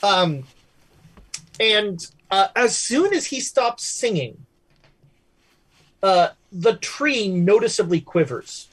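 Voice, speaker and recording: A game master narrates a tabletop horror game. He rambles loosely, with many fillers, restarts and trailing pauses. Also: medium pitch, lively intonation, breathy edge, poor audio.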